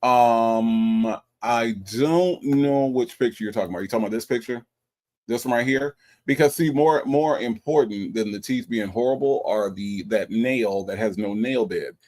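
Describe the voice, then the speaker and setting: A man hosting a casual livestream, reading viewer comments aloud and teasing them with an animated manner and features. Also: medium pitch, normal speed. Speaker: livestream host reading chat.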